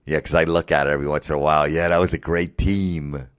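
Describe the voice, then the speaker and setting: A man doing a slow, dim-witted voice for a dopey middle-aged sports-obsessed man. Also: very deep voice, fairly even intonation, clean tone, no echo. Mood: dopey, earnest. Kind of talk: stand-up rant impression.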